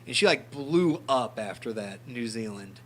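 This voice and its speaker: Bright, animated podcast storyteller man. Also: mid-range voice, normal speed. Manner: animated storyteller, laughing, swearing, joking. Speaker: podcast co-host. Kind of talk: casual chat.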